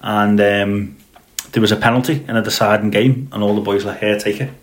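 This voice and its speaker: A man's voice: lowish voice, little pitch movement, brisk. A man co-hosting a football podcast in casual chat, rambling with plenty of fillers and restarts. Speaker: podcast co-host. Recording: roomy echo.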